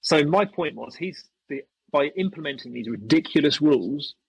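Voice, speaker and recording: A man on a podcast, his voice slightly husky and breathy. He tells stories casually and animatedly, jumping up in pitch to act out what others said. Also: moderate pace, muffled recording. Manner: animated, acts out quotes in raised voices. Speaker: podcast guest, airsoft YouTuber. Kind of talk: casual storytelling chat.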